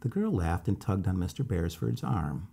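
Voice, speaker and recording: Gravelly, low-voiced male storyteller. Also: animated, moderate pace, dark tone. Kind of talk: bedtime story reading.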